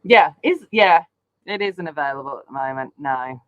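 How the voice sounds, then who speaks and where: A colouring channel host chats casually during a live stream while she colours, rambling with lots of ums. Her voice is low with lively intonation at a normal speed, and the audio is dull with no room sound.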